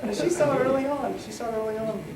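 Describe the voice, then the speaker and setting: A man's voice: extremely high pitch, very noisy. Rambling middle-aged man giving a wedding toast. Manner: rambling, joking, halting with fillers. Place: wedding reception hall. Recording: echoey hall from far off, crowd chatter.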